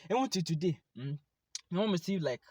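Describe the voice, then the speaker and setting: Young Nigerian man, vlogger, quick animated testimony, close dry sound. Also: sits high, husky, dry recording. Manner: animated, talks straight to viewers. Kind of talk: personal testimony to camera.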